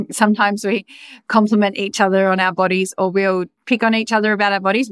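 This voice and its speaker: A woman's voice: mid-range voice, a bit bright, smooth, dry recording. A young adult woman hosting a podcast, talking in a raw, emphatic, confessional way and swearing freely. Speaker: podcast host. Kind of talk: candid personal monologue.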